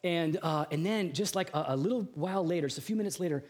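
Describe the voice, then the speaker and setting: Male pastor in a sermon, kinda high voice, talks loose and chatty with lots of asides. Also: fast talker, a little mellow. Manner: conversational, chatty asides with fillers. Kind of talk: sermon with personal anecdote.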